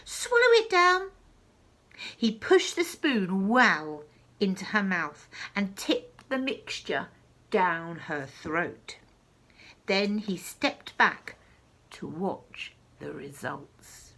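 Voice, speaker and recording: Woman reading a children's story, slow, lively pitch, bright tone, hushed asides. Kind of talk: children's story read-aloud.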